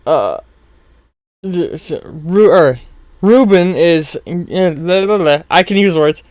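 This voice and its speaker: A man's voice: a little high, slow pace, darkish tone, no room sound, studio quality. A man narrating a role-play story as game master, often stumbling over words and laughing at himself. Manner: stumbling, self-mocking, chuckling.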